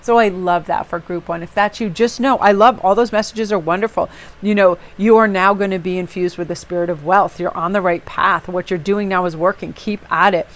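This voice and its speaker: A woman's voice: on the low side, steady tone, a little fast. A woman giving a casual tarot reading to viewers, chatty and rambling, with personal asides and many "you know"s. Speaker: tarot reader.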